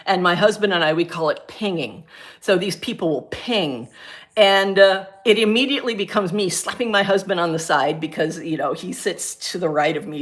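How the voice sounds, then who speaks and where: Woman, from Florida, stream host, casual chat, reads comments aloud, laughs often, slightly low pitch. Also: expressive, moderate pace, fairly bright tone. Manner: chatty and rambling, laughs often, frank. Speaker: livestream host and crafter.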